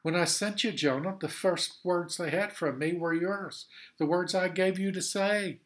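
A man's voice: sits high, unhurried, a bit bright. A man teaching a Sunday school Bible lesson in an earnest, explanatory way, repeating points for emphasis.

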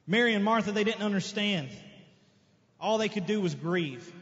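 A man preaching a sermon as pastor, emphatic, with sudden loud outbursts and quieter asides. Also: high-pitched, lively intonation, moderate pace. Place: church sanctuary. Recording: dull lo-fi sermon recording with long hall reverb.

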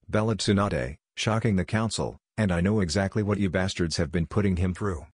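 A man reading a fan story aloud, narrating and speaking every character in one steady voice. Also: low voice, normal speed, hardly any pauses, slightly rough, no room sound, studio quality. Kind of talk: scripted narration.

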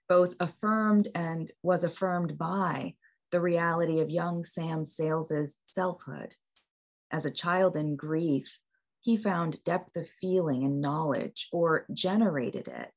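Woman author, low voice, reads a literary essay aloud, measured and deliberate. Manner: measured, deliberate, poetic phrasing. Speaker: author reading an essay at a book event.

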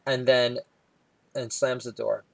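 A man's voice: little pitch movement, vocal fry. A man, doing stand-up stories with wry asides. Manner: wry, quick asides, mimics his daughter in a higher voice. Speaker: stand-up comedian. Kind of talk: stand-up storytelling.

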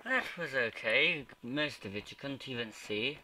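Crude, slow-talking man doing game commentary. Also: mid-range voice, expressive, slight background noise. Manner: crude, sarcastic, swings between whispered asides and sudden yells. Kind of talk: let's play commentary.

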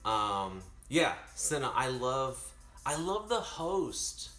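A man's voice: mid-range voice, takes it slowly. Chatty man in an echoey room. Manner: rambling, chatty, animated asides. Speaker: streamer. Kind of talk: casual chat while baking.

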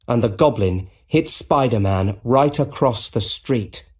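A man reading a simple storybook in slow, deliberate narration for English learners. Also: mid-range voice, lively intonation, a little mellow, husky. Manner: plain and deliberate.

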